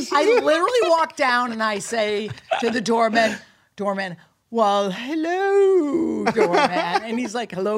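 A middle-aged woman comedian hosting a podcast, telling stories in a casual, profane way and acting out quotes. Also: lowish voice. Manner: animated, profane storytelling with acted-out quotes.

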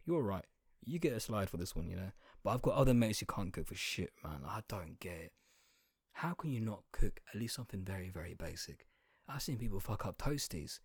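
A man's voice: lowish voice, a little mellow, slightly rough, no room sound. Swearing, ranting man with a dry close sound. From outside Britain. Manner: exaggerated, swearing, talks straight to the listener. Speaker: comedic commentator. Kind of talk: profane comedic rant.

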